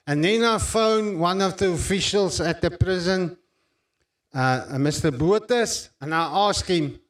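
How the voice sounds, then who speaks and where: A man with a South African accent preaching a sermon and telling his own testimony, speaking slowly and intensely with emphatic pauses. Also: high-pitched, a bit bright.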